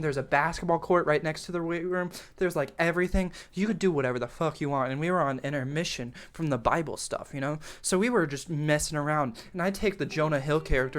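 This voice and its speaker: Slangy young man telling a story. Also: fairly high pitch. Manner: profane, animated, slangy, full of 'like'. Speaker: storytime YouTuber. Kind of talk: casual storytime narration.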